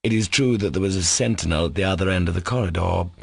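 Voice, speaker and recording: Gravelly, husky male audiobook narrator. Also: deep voice, fast talker, no room sound. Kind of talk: scripted narration.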